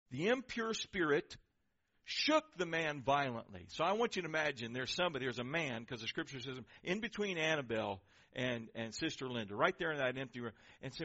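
A man, a pastor, preaching an animated sermon in church and acting out quoted voices. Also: mid-range voice, fairly quick, muffled recording.

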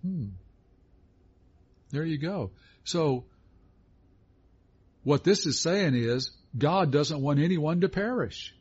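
Folksy middle-aged man, husky voice, dull lo-fi sound, encouraging Bible talk. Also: fairly high pitch, animated, slow pace, long pauses, a little mellow. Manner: folksy, affirming, reads scripture aloud. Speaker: co-host of a Christian teaching show. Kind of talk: conversational Bible teaching.

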